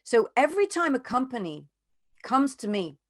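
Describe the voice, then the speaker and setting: A woman's voice: high voice, big pitch swings, moderate pace, no room sound. A woman, an economist, giving an earnest, emphatic talk and answering questions over a video call. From United Kingdom. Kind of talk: lecture and Q&A answers.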